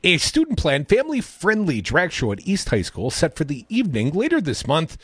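A man co-hosting a talk radio show, opinionated and sarcastic, with animated swings in his delivery. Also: a little high, moderate pace, breathy edge, dry recording. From Madison, Wisconsin. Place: radio studio.

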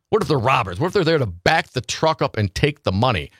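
Animated talk radio host, man. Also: medium pitch, fast talker, no echo, clean studio sound. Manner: animated, rhetorical questions, repeats himself. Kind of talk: casual political talk radio.

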